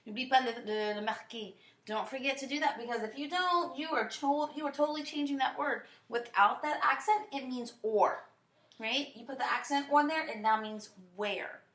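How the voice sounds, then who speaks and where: A French teacher with a fairly high-pitched voice leads a language lesson for a class, explaining each step with frequent fillers and checks like "right?". The recording is reverberant.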